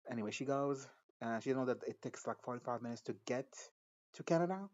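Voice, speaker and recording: A man's voice: mid-range voice, fast, darkish tone, muffled recording. A man casually recapping a TV episode, rambling and swearing, often giggling and cutting himself off mid-sentence. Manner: rambling, profane, giggly, self-interrupting. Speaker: show recap reviewer.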